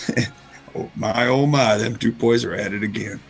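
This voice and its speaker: A man's voice: lowish voice, moderate pace, gravelly, breathy edge, soft background music, rough recording. A middle-aged man hosting a radio talk show, telling a story casually and acting out the quoted lines. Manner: animated storyteller, acts out quotes.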